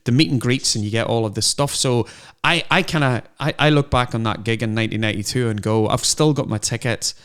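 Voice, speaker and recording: A middle-aged man co-hosting a podcast, telling animated anecdotes in casual chat. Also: mid-range voice, quick pace, hardly any pauses, smooth. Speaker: podcast co-host.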